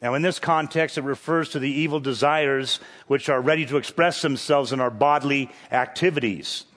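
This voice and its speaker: A man's voice: medium pitch, moderate pace, fairly bright tone. A man preaching a sermon, with rhetorical questions and emphatic peaks that climb on key phrases. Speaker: pastor.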